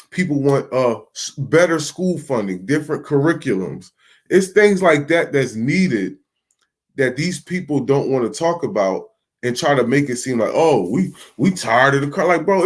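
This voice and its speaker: A man talking straight to his audience in a loose, slangy monologue, full of ums and restarts. His voice sits at an ordinary mid pitch for a man, and he speaks with an easy, unscripted looseness. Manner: conversational, slangy, with frequent fillers and restarts. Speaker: commentary channel host. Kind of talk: casual political commentary monologue.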